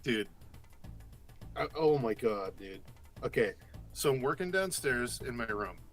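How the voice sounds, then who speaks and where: A man co-hosting a casual chat, telling a story in an animated way and swearing freely. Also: mid-range voice, a little slow, faint music behind. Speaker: podcast co-host.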